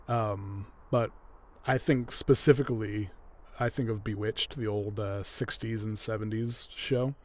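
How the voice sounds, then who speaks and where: A man casually commenting while he plays a video game, chatty and joking. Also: mid-range voice. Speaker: gameplay commentator.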